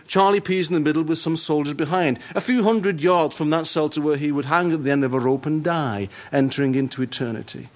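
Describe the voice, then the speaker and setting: Emphatic preacher in a sermon. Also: male voice, on the high side. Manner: emphatic, slowed stresses and dramatic pauses.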